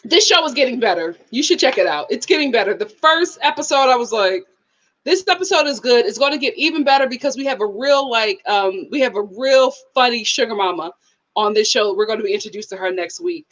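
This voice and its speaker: A woman's voice: on the high side, brisk. A woman hosting a live review stream, chatting casually, laughing often and reading out viewer comments. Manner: animated, laughs often, reads chat comments aloud. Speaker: live show host.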